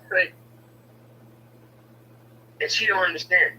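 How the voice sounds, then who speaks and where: A man's voice: fairly high pitch, unhurried, distant mic, dull audio, a little hiss or hum. A man telling a personal story in casual, blunt, profane talk, often stumbling and repeating words as he starts a sentence.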